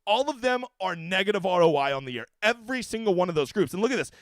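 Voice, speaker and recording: A man's voice: high voice, animated, quick pace, dry recording. A man hosting a fantasy golf livestream in a casual, profane, ranting way, with brash jokes aimed at his viewers. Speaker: daily fantasy golf streamer.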